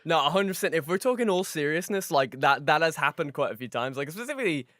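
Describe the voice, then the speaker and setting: A man's voice: fairly high pitch, expressive, quick pace, a bit bright, no room sound, studio quality. A man co-hosting a podcast, chatting casually, swearing freely and acting out quoted voices. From Europe. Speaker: podcast co-host. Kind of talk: casual chat.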